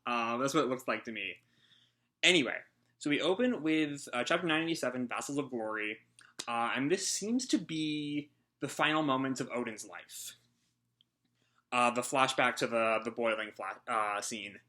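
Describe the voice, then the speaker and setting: A man's voice: mid-range voice, animated, moderate pace, pushed and bright. Breathless man rambling through a reaction recap. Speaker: manga reaction host. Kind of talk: casual live reaction commentary.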